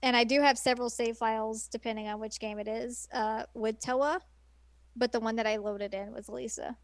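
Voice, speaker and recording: A woman's voice: fairly high pitch, fairly even intonation, fairly quick, no echo. A woman co-hosting a podcast, chatting eagerly and rambling with fillers. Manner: enthusiastic, rambling, laughs often. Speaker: podcast co-host. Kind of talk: casual chat.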